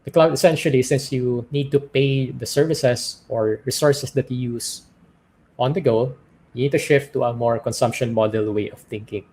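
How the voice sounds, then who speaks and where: A man's voice: medium pitch, steady tone, normal speed, darkish tone. A man with a Filipino accent presents at a startup conference, explaining step by step and often checking in with his listeners. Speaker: conference speaker. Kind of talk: business presentation.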